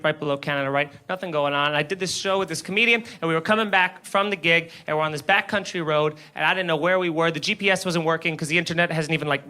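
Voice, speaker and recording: A man performing stand-up comedy on a club stage, telling a story in an animated way and acting out the people in it. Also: on the high side, a little hiss or hum. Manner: animated, acts out the cop and himself in quick impressions. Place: comedy club stage before a live audience.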